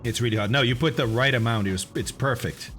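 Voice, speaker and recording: A man live-streaming a flight simulator, chatting casually with viewers and explaining instrument approaches while eating, often clearing his throat. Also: mid-range voice, quick pace. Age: adult, has kids.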